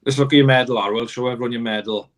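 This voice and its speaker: A man's voice: medium pitch, steady tone, rapid-fire, crowd noise. A man co-hosting a podcast, chatting casually and enthusiastically. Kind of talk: casual chat.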